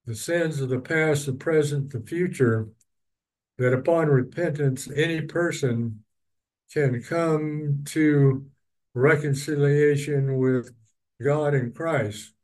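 A man's voice: a little high, slow, a little mellow, low-quality recording. A man teaching a Bible study, reading verses and then explaining them at length with personal asides. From East Texas.

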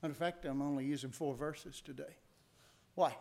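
Middle-aged man, preaching a sermon, slightly high voice, conversational, builds to emphatic peaks. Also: steady tone, normal speed, creaky, a little mellow. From United States. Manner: conversational, asks the congregation rhetorical questions; rises to emphatic peaks on key points. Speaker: pastor.

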